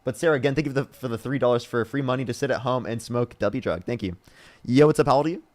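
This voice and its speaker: A man hosting a livestream debate show, talking quickly at an ordinary pitch. He thanks donors between callers and presses each caller for a straight answer. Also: a little mellow. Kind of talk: casual livestream chat.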